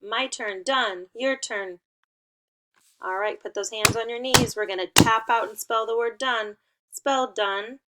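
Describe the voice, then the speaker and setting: A woman's voice: on the high side, a little slow, fairly bright tone. A woman teaching young children a remote lesson, giving playful and encouraging instructions.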